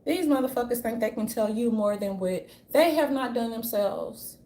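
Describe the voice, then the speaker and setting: A woman vlogger with a fairly high, warm, animated voice rants about her opinions at a normal speed. She's blunt and foul-mouthed, rambling and restarting sentences, and the room echoes with faint ambience.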